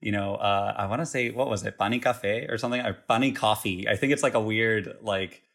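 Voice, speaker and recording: A young man from the United States, a guest recounting his years abroad in a relaxed, rambling way with fillers. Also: lowish voice, fairly quick, gravelly. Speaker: interview guest. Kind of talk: casual conversational interview.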